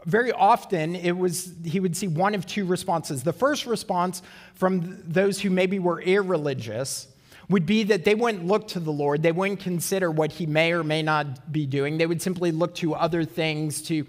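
A man preaching a sermon in an earnest way, asking rhetorical questions and slowing down for emphasis. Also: a little high, in a large hall. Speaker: pastor.

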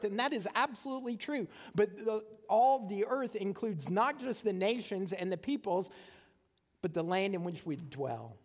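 A man's voice: sits high, darkish tone, in a large hall. A male pastor preaching a sermon in a conversational way, often checking in with the congregation with "right?". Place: church sanctuary.

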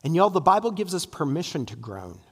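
A man's voice: on the high side, very animated, brisk, a bit bright, husky, in a large hall. A man preaching an earnest, emphatic sermon in a church, often tossing in "right?" asides. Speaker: pastor. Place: church sanctuary.

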